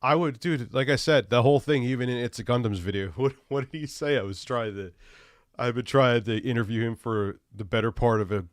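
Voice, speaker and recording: A man's voice: medium pitch, a little fast, no room sound, studio quality. A man with a stuffy nose from a cold, ranting loosely and profanely while livestreaming. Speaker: streamer. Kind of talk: casual livestream rant.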